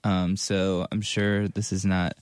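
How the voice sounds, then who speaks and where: A man hosting a casual podcast chat, relaxed and quick to laugh, with hesitant fillers. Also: low-pitched, no echo. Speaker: podcast host.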